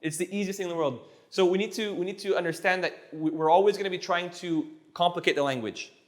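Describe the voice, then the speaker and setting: A man's voice: high voice, quick pace. Patient male tutor drilling phrases. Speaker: language teacher. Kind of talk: casual tutoring session.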